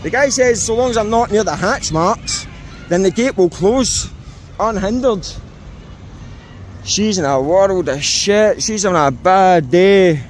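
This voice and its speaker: A British man narrates to camera outdoors, scornful and fired up about the police. His voice sits high. Faint traffic hums behind him. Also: a little slow. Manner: mocking, indignant, talks to camera. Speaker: auditor filming police. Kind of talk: casual vlog commentary to viewers. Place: outdoors on a street.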